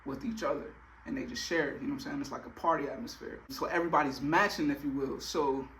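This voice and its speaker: A man's voice: medium pitch, quick pace, a bit bright, slight background noise. A young man telling a personal story in a casual, slangy way, full of filler phrases.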